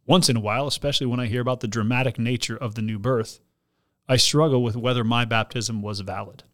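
Mid-pitched man, a pastor hosting a podcast, reads a listener's letter aloud and then talks the question through in a considered, explanatory way. His voice sits in an ordinary middle register, and he often restarts his sentences as he thinks. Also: steady tone, fast, fairly bright tone.

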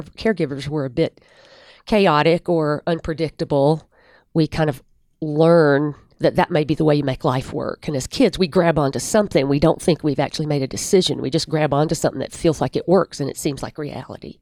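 Woman guest counselor, reflective, halting, close dry mic. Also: deep voice, mellow, no echo. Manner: thoughtful, many pauses and fillers. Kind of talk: reflective advice in a podcast interview.

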